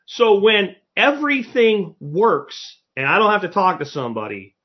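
A man's voice: sits high, very animated, normal speed, slightly rough, lo-fi sound. A man hosting a solo podcast, blunt and opinionated, swearing casually as he rants. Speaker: podcast host.

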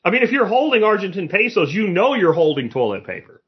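A man's voice: high voice, sing-song, fast talker, slightly rough, highs cut off. A man hosting a live-stream show, talking bluntly and with profanity as he rants and answers chat comments. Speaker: podcast host.

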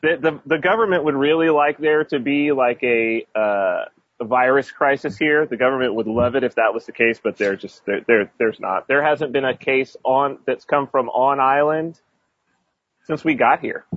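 A man's voice: mid-range voice, moderate pace, no room sound, highs cut off. A man chatting casually on a podcast, rambling with many restarts and fillers. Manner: rambling, many restarts and fillers, laughs while telling stories. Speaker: expat guest telling stories.

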